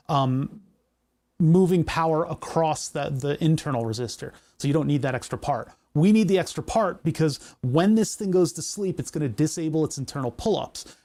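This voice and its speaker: Rambling, joking man, slightly high voice. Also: darkish tone. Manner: rambling, jokey, thinks aloud through technical steps. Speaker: live streamer building electronics. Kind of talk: casual live-stream chat while working.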